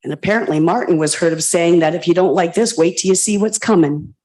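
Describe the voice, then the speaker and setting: At a public planning meeting, a woman resident speaks into a standing microphone, repeating pointed questions with emotion and passion. Her voice is fairly low and a little mellow, and she talks fast.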